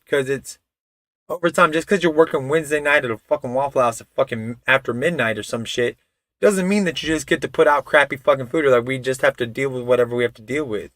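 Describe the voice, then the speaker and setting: A man's voice: medium pitch, brisk, a bit bright, no echo. Rambling, profane man streaming live. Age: adult father of a toddler. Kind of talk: casual live-stream chat.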